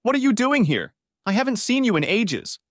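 Audiobook: male narrator playing a young woman, squeaky and high, keyed-up, lively swoops. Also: takes it slowly, no echo, studio quality, heavily acted. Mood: surprised, excited.

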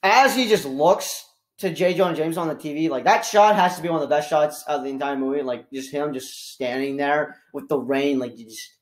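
A young woman giving a casual spoiler review of a movie, talking in an excitable, rambling way that swings from low mumbles to shouts, with many restarts. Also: brisk.

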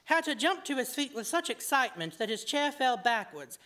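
Woman, fiction reading, expressive storytelling, higher-pitched voice. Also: a little fast. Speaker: reader at a fiction night. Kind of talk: reading her own story aloud.

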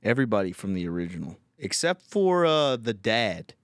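A man's voice: on the low side, big pitch swings, normal speed, dry recording, clean studio sound. A young man hosting a podcast, telling a rambling, profane story in casual chat. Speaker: podcast host.

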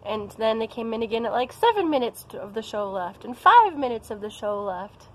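A woman's voice: a little high, sing-song, brisk, low-quality recording. Chatty playful American woman vlogger. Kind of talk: casual vlog chat.

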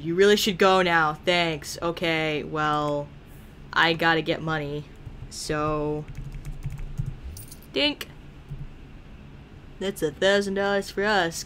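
A woman narrates her own game-playing in a casual let's-play style, excitable and quick to swear and laugh. Her voice is bright and forward. She talks at an unhurried, drawn-out pace over a faint hum of noise. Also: lowish voice. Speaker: gaming video creator.

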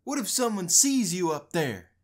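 A woman voicing a big, tough, grumpy male dog in a storybook read-aloud, with a gruff, growling voice. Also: on the low side, sing-song, normal speed, voice pushed down.

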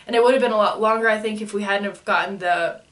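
A woman's voice: mid-range voice, quick pace, far from the mic. A woman in her twenties casually telling a personal story, laughing often and acting out what people said. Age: 20s. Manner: animated, laughs often, acts out quoted lines.

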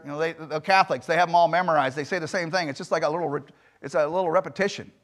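A male pastor preaching a sermon in a church, emphatic, firing rhetorical questions and swinging between loud and soft delivery. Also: a little high, very fast. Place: church sanctuary.

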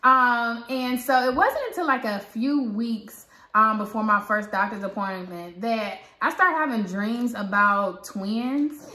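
A woman vlogger with a Southern American accent, chatting and retelling a story with lively quoted dialogue. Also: fairly high pitch, a little slow. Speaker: parenting vlogger. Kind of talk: casual storytelling. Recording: echoey room.

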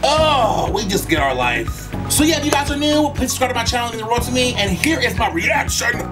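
A man with a high, wildly swooping voice gushes over a music video in a camp, sassy way, shouting and swearing as he reacts. He sits some way back from the mic, and the video's music plays clearly behind him. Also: sing-song, fairly quick, recorded from a distance. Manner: loud, gushing exclamations and frequent profanity. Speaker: YouTube reactor. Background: music video playing.

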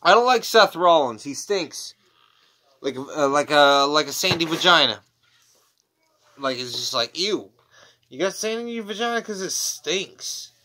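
Chill collector dude on his couch, slow talker, bright slightly high voice, crude jokes. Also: expressive. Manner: rambling, crude jokey asides. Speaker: wrestling figure collector vlogger. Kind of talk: casual unboxing chat. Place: at home on a couch.

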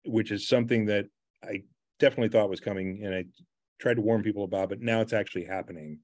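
A man's voice: fairly low pitch, a little mellow, no room sound. A man hosting an interview, attentive, summing up a story before inviting his guest to share it. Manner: attentive questioner who sums up the story before asking. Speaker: interview host.

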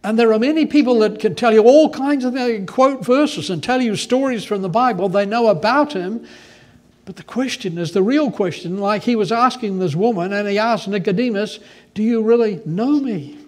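A male pastor preaching a sermon in an animated, conversational way. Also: high-pitched, normal speed.

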